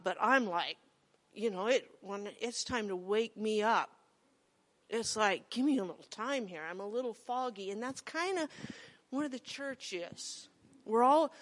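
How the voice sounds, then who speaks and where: Woman preaching in a chatty storytelling way. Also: on the high side. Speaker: pastor. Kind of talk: sermon.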